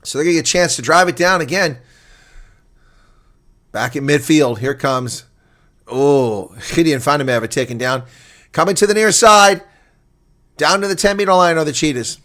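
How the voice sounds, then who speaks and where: A man giving live watch-along rugby play-by-play, swinging from calm asides to excited shouting on breaks. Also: fairly high pitch, normal speed, long pauses. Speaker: rugby commentator.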